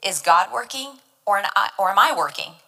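A woman's voice: medium pitch, animated, moderate pace, vocal fry, sharp tone, rough recording. A woman giving devotional Bible teaching, earnest and emphatic, explaining verses word by word.

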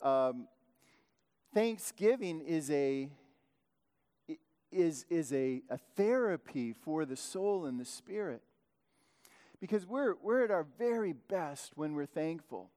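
Rambling male preacher, self-correcting, slightly high voice, hall reverb. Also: animated, slow pace, long pauses, warm tone. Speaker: pastor. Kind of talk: sermon.

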